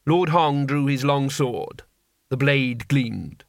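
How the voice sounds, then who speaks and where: A man narrating an audiobook in a wry, steady storytelling manner. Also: mid-range voice, takes it slowly, gravelly, dry recording, clean studio sound.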